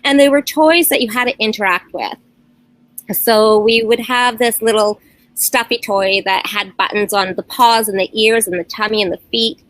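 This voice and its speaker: A woman's voice: fairly high pitch, moderate pace, fairly bright tone, no room sound, poor audio. A middle-aged woman recounting strange happenings in her home for a documentary interview, earnest and storytelling, often quoting her children. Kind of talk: personal account, documentary interview.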